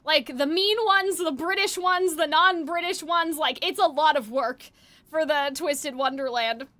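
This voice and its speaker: Chatty high-voiced woman streamer. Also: a little slow, sharp tone. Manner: rambling, chatty. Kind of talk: casual game commentary. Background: faint game music.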